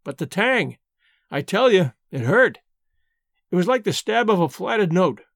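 A man's voice: high voice, very animated, measured pace, vocal fry, fairly bright tone, no room sound, studio quality, exaggerated voice. A man reading an old male drinker who tells a wistful yarn in an earnest, solemn way, for an audiobook.

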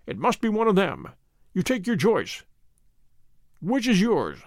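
A man playing a calm, commanding detective. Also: sits high, measured pace, dry recording, clean studio sound, heavily acted. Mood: calm authority.

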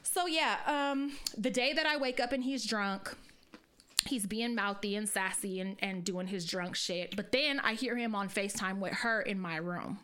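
Podcast host lady, bright sharp voice, swearing a lot while she tells it. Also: medium pitch, normal speed, clean tone. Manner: profane, animated storytelling. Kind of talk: casual chat.

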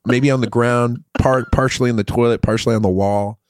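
A middle-aged man telling a story in casual chat, crude and profane with an animated, rambling delivery. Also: medium pitch, a little fast, clean tone, no echo.

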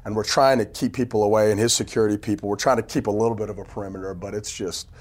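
A man telling stories in a casual podcast chat, animated and laughing often, acting out what people said. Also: fairly low pitch, very fast. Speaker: team PR executive telling stories. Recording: phone interview audio.

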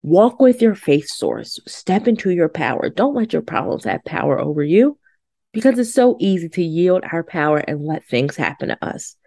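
A podcast host in her forties speaks with heartfelt emphasis on her personal, reflective show, repeating affirmations. Her voice is low-leaning, warm and animated at a moderate pace, recorded in studio quality with no room sound.

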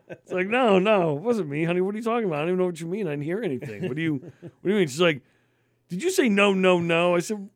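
A man's voice: high-pitched, lively intonation, quick pace, dry recording, studio quality. A man in his thirties co-hosting a podcast, telling stories in a casual, profane, chatty way. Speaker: podcast co-host. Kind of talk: casual chat.

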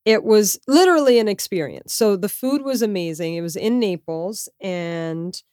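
A woman chatting casually about a trip, telling stories in a lively, animated way. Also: mid-range voice, moderate pace, clean tone, no room sound, clean studio sound. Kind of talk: casual travel chat.

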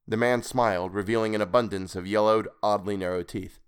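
A man narrating a weird tale in a measured, expressive reading. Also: fairly low pitch, clean tone. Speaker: podcast reader. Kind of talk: scripted story narration.

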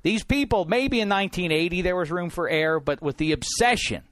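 Animated sports talk host, dry studio. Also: male voice, sits high, brisk, dry recording. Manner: rambling, grows animated and emphatic. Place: broadcast studio.

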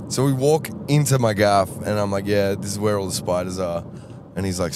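A man's voice: fairly low pitch, fairly quick, background noise. An Australian man co-hosting a podcast, telling a story in casual chat and acting out voices along the way. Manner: animated, acts out voices in anecdotes. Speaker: podcast co-host. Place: tour bus.

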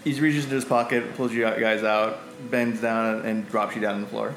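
A man running a tabletop game as game master, narrating in a halting way with many fillers. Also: fairly low pitch, steady tone, a bit bright, roomy sound, rough recording.

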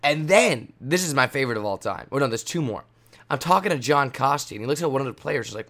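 A man's voice: medium pitch, expressive, quick pace, fairly bright tone. A young man hosts a laid-back podcast and tells long, wandering stories. He swears often and teases the people around him. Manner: rambling, swears freely, teasing. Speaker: podcast host. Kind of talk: casual podcast storytelling.

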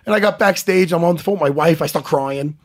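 A man's voice: a little high, fast. A middle-aged man, a former fighter co-hosting a podcast, telling jokey stories with lots of laughter. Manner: animated, laughing, jokey storytelling. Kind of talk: casual chat.

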